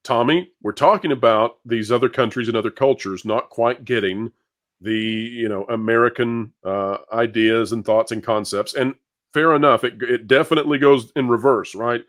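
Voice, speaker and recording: A man hosting a casual panel chat, animated and quick to laugh, often repeating his first words. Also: mid-range voice. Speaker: podcast host.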